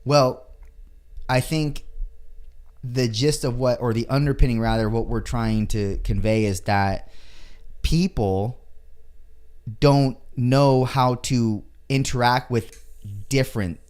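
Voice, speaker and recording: A man chatting on a podcast in a measured, reflective way, searching for the right words as he speaks. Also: medium pitch, fairly even intonation, darkish tone, smooth. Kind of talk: casual podcast chat.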